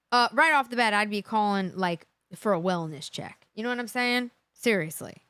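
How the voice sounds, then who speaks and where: Animated indignant woman reacting live. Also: medium pitch, fairly quick, few pauses, no echo. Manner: indignant, emphatic, repeats phrases for effect. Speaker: host of live true crime reaction.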